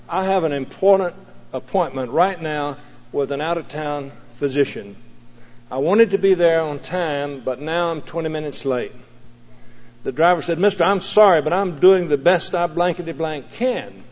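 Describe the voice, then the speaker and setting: A man preaching a sermon, telling stories slowly and emphatically, stretching out key phrases. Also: on the high side, darkish tone. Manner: slow and emphatic, drawn-out phrases. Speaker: pastor. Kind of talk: sermon with storytelling. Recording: dull sound, long hall reverb.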